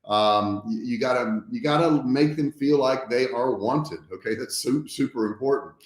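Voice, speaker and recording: A man giving casual business advice to his livestream viewers, talking frankly and with emphasis. His voice sits in a middle pitch. The sound is roomy and echoey, like a home office with bare walls. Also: normal speed. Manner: frank and emphatic, often tags points with "okay?". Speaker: business trainer hosting a livestream.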